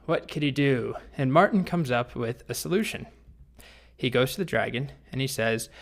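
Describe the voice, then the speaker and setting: A male programming instructor with a mid-pitched voice. He talks in a relaxed, chatty way and restarts his phrases now and then. His delivery suits a storytelling lesson. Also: moderate pace.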